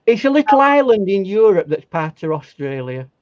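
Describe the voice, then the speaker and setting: A man's voice: high-pitched, sing-song, normal speed, dry recording, dull audio. A man chatting and joking as the guest artist on a casual live stream, teasing his friends and letting out cheerful whoops. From England.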